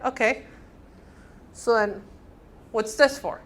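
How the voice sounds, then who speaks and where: A woman teaching a counseling class with a somewhat high voice. She is animated and acts out short exchanges between personality types, often pausing to ask if everyone is following. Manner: animated, acts out little dialogues, checks in with "okay?". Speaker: counseling instructor. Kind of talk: classroom lecture.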